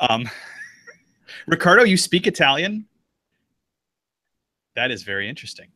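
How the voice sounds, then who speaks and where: Rambling man with a bright, tense voice. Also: a little high, very animated, unhurried, pauses often, no echo. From United States. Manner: rambling, loose, full of fillers. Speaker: podcast co-host. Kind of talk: casual sports chat.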